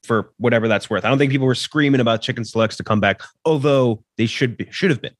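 A man co-hosting a podcast, chatting casually and reading a sponsor spot in a relaxed, conversational way. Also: medium pitch, quick pace, no echo, clean studio sound. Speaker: podcast co-host. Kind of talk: casual chat and read ad.

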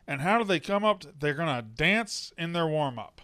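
A man co-hosting a casual movie review chat, rambling and acting out scenes with loud impressions. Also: fairly high pitch, lively intonation, a little fast, no room sound, clean studio sound. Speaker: podcast co-host.

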